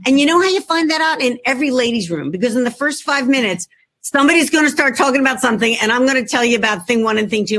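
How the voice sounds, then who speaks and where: Her voice is high-pitched with a fairly bright tone. She's a middle-aged Philadelphia-accented author, a guest in a laptop video call from her home work room, bantering in a playful, self-deprecating way during a casual chat.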